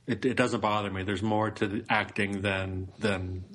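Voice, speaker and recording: Low-voiced man, calm and measured. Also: a little hiss or hum. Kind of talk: casual chat about acting.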